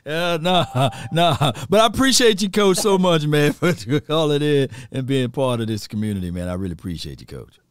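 A man's voice: on the high side, expressive, normal speed, hardly any pauses, smooth, no echo. A man hosting a sports talk show, chatting loosely and rambling with a caller. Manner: rambling, loose, full of fillers and restarts. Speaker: show host.

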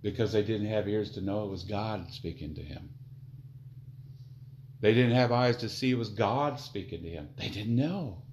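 A man preaching a sermon, slowing down to read scripture aloud and swinging from quiet low asides to loud emphatic declarations. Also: a little hiss or hum, poor audio. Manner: reads scripture slowly and deliberately.

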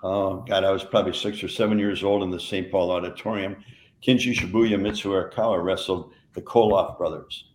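A man's voice: low voice, steady tone, fairly quick, darkish tone, reverberant. An older man and retired wrestler, co-hosting a podcast and telling rambling anecdotes in a casual chat. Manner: rambling anecdotes, lots of restarts and laughs.

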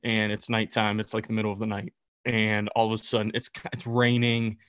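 A man casually telling a camp story on a podcast, animated and swearing as he builds suspense. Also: lowish voice, brisk, clean tone, no room sound, clean studio sound.

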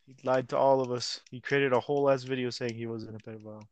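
A man's voice: medium pitch, fairly even intonation, fast talker, a little mellow, clean tone. A young man co-hosting a casual podcast chat, rambling in slang, stumbling over words and acting out quotes. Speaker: podcast co-host.

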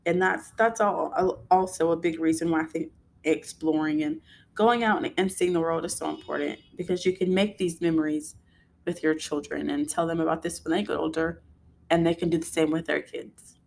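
A young woman with a lowish voice tells a rambling, chatty story about a beach day with her son. She talks casually and drifts off into asides. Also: fairly even intonation, normal speed, vocal fry, slight background noise. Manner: chatty, laughing asides, quoting herself scolding her son. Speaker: podcast host.

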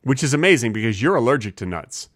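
A man of middle pitch co-hosts a comedy podcast, carrying absurd tangents with a deadpan delivery. He slips into goofy voices whenever he quotes someone. His voice sits close and dry on the mic. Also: fast talker, no room sound. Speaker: podcast co-host.

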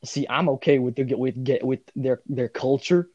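A young man talks in a loose, rambling way as co-host of a casual chat. He laughs often and acts out his own past reactions in quotes. His voice sits mid-pitch and sounds close and dry. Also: moderate pace, mellow, no room sound, muffled recording. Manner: rambling, laughing, quoting himself.

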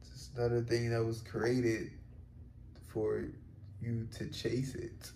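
A man's voice: medium pitch, monotone, takes it slowly, vocal fry, mellow, a little hiss or hum. Rambling man in a roomy echo. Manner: rambling, loaded with fillers and casual swearing. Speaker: podcast host. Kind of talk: solo reflective podcast monologue.

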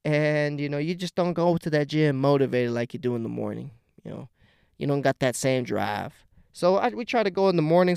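A young man rambles through a casual story, swearing freely and laughing at his own jokes. His voice sits a little high and sounds crisp and smooth. The recording is close and dry, with no room sound. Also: darkish tone, dry recording. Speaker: podcast host.

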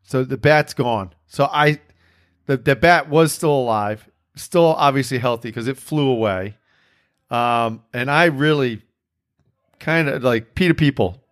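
A man's voice: mid-range voice, measured pace. A man hosting a podcast in casual chat, telling a rambling, profane story with self-mocking laughs. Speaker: podcast host.

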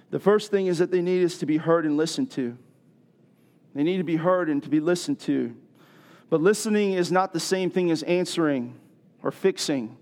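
A middle-aged man preaching a sermon as pastor, animated and building to loud rhetorical questions. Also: fairly high pitch.

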